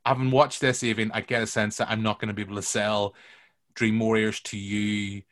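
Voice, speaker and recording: A man's voice: on the low side, level tone, brisk, fairly bright tone. A man hosting a casual film review podcast, teasing his guests and rambling through long opinions. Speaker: podcast host.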